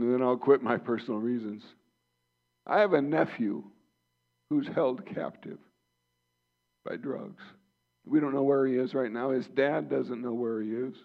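A man's voice: medium pitch, creaky. A man preaching a sermon as pastor, earnest and personal, rising to impassioned emphasis. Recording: dull lo-fi sound.

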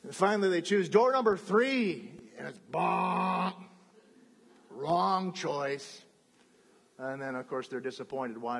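A pastor preaching in a loose, chatty way, doubling back and adding asides as he goes. His man's voice sits a touch high and has a husky edge, and a long reverb hangs behind it in the church. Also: expressive, takes it slowly. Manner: conversational, with restarts and asides. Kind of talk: sermon.

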